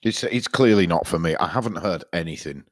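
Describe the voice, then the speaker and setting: A man's voice: low-pitched, lively intonation, brisk, dry recording, studio quality. A man, co-hosting a podcast, telling rambling stories with lots of swearing. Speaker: podcast co-host. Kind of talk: casual chat.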